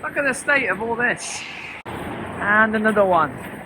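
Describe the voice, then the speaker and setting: Strolling through a snow-covered city, this male vlogger talks to his audience in a chatty travel-vlog style. His voice is high and animated, his pace measured, and there's noise in the background.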